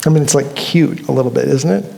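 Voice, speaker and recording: A man's voice: mid-range voice, quick pace, creaky, dark tone, long reverb tail. A male pastor preaching a sermon in a conversational, storytelling way, acting out quotes as he goes. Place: church sanctuary.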